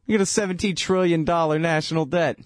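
A man's voice: on the high side, fairly even intonation, fast talker, no room sound, studio quality. A man giving casual, sardonic political commentary, laughing at his own points and peppering his talk with "dude" and "man". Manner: filler-heavy, says dude and man.

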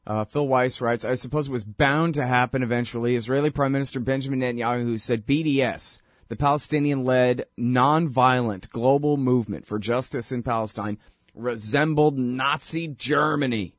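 A man's voice: medium pitch, moderate pace, no room sound, clean studio sound. A man hosting a talk show, delivering a sarcastic, opinionated political monologue that builds to indignant outbursts.

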